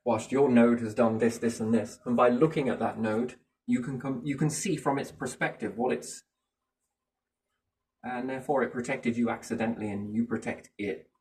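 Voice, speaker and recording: A man's voice: mid-range voice, fairly even intonation, normal speed, a little mellow. A man musing in a casual chat, rambling from thought to thought and often asking rhetorical questions. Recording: voice a bit far from the mic.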